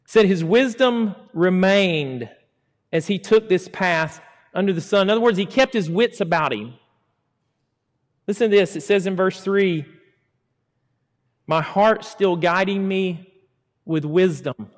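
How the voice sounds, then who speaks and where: A middle-aged man preaches with a somewhat high voice, acting out the words he quotes. He swings between loud emphasis and hushed, drawn-out asides. His voice rings with a long reverb in a large hall. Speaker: pastor. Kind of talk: sermon.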